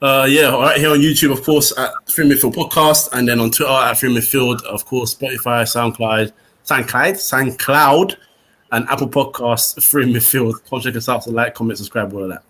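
A man's voice: mid-range voice, fairly even intonation, normal speed, a bit bright. A man co-hosting a football podcast, telling stories expressively and laughing. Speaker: podcast co-host. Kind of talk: casual football chat.

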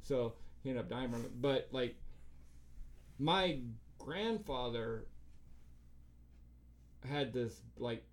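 A man's voice: mid-range voice, expressive, slow, pauses often. Rambling, cussing guy telling a story. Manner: profane rambling storyteller, acts out quotes. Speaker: podcast co-host. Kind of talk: casual chat.

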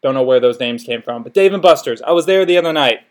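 A man's voice: medium pitch, animated, fast talker. A young man hosting a podcast, rambling through a casual comedic monologue with self-deprecating jokes and frequent laughs. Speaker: podcast host.

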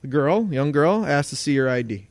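A man co-hosting a casual podcast, telling a story in a lively way and acting out the voices of the people in it. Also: on the high side, moderate pace, no room sound. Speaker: podcast co-host.

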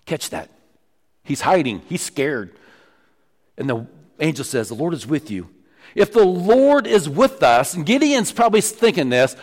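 A man preaching a sermon in a church sanctuary. His voice sits a little high for a man, and it rings through a long, echoing reverb. He is emphatic and often drops low and quiet to stress a point. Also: sing-song, a little slow, pauses often. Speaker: pastor.

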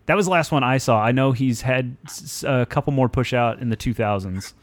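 A man's voice: mid-range voice, brisk. A young man telling a long, profane, self-mocking story in a casual podcast chat. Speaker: podcast co-host.

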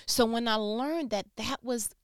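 A woman's voice: fairly high pitch, unhurried, no room sound, studio quality. A woman from New York telling a casual, emphatic story, acting out other people's voices and laughing between lines. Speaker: storyteller recounting a work conflict.

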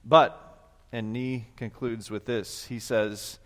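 A man preaches a Sunday sermon from the front of a church. His voice trails away into the long reverb of a big sanctuary. He talks plainly, like a conversation, and gets animated when he tells a story. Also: medium pitch, takes it slowly. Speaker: pastor.

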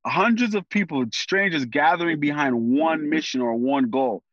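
A man speaking as a guest in a casual conversation, animated and full of slang, often thinking aloud with fillers. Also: on the high side, moderate pace, dry recording, muffled recording.

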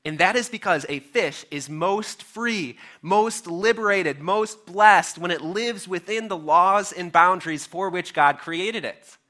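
A man's voice: high-pitched, a little slow, hardly any pauses, bright, forceful tone. A man preaching a sermon as a pastor, casual and conversational with filler words and light humor.

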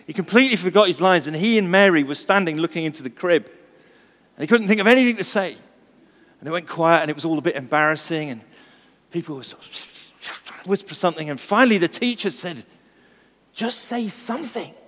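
A man's voice: a little high, lively intonation, fairly quick, fairly bright tone, big-room sound. A male pastor giving a Christmas sermon, chatty and storytelling with touches of humour. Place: church service.

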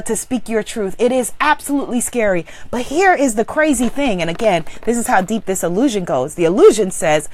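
Emphatic woman giving a motivational speech. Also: no echo. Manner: emphatic and preachy, swinging from loud exclaiming to low intense affirmations. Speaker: spiritual business coach.

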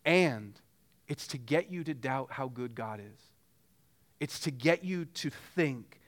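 A man's voice: a little high, expressive, a little slow. A man preaching a sermon as pastor, earnest and pressing with repeated rhetorical questions.

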